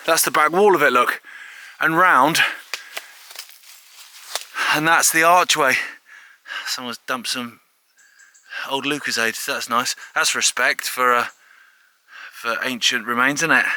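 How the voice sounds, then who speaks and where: A man hosting a walking exploration video outdoors, chatting excitedly to a handheld camera with frequent filler asides. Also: medium pitch, slow, pauses often. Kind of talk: casual walk-and-talk to camera. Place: outdoors in fields, woods and an old quarry.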